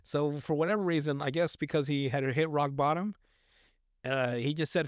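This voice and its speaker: A man's voice: fairly high pitch, fairly even intonation, normal speed, dry recording, studio quality. A man casually recapping a film on a podcast, rambling, swearing often and acting out the characters' lines. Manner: rambling, profane, acts out quotes. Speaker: podcast co-host.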